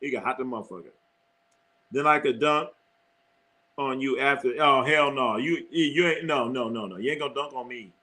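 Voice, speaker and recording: A man's voice: medium pitch, fairly quick, pushed and bright. A middle-aged man hosting a live sports stream, rambling and cursing, repeating phrases and laughing often as he reads chat.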